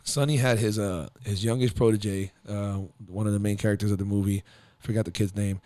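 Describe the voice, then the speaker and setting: A male podcast host chats in a loose, profane way and winds through long stories. His voice is mellow and mid-pitched. The recording is dry and close. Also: a little fast, no room sound. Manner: rambling, profane, animated storytelling. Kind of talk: casual chat.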